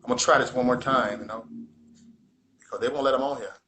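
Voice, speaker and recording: A man's voice: mid-range voice, quick pace, pushed and bright, a little hiss or hum. A man hosting a casual livestream, talking in an emphatic, repetitive, preachy way. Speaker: livestream host.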